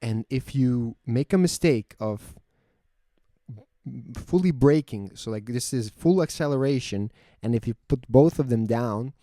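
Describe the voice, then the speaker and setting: A man hosting his own podcast, telling a personal story in a casual, animated way with lots of swearing and acted-out inner dialogue. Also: mid-range voice, a little slow, no echo, clean studio sound. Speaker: podcast host.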